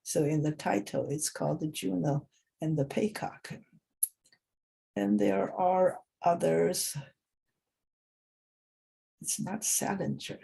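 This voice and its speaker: Woman english teacher, slow halting talk, dark husky voice. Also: lowish voice, fairly even intonation. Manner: halting, with many pauses and restarts. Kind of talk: informal spoken lesson.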